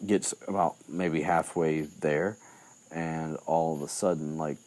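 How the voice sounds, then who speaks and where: A man's voice: extremely low pitch, fairly even intonation, slow pace, darkish tone. A man recapping a book chapter in loose, rambling chat, with lots of fillers and restarts. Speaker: podcast host.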